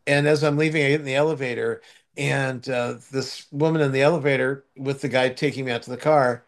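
A man's voice: mid-range voice, fairly even intonation, brisk. An older man chatting casually as a co-host, telling a long anecdote with many restarts and fillers. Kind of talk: casual chat.

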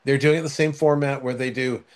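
A man's voice: mid-range voice, fairly even intonation, fairly quick. An older man chatting casually as a co-host, telling a long anecdote with many restarts and fillers. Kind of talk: casual chat.

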